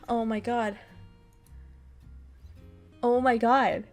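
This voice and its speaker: Young woman, streamer, game reactions, swears a lot, higher pitch, faint background music. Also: measured pace. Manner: loud disbelieving swearing reactions. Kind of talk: reacting while playing a visual novel.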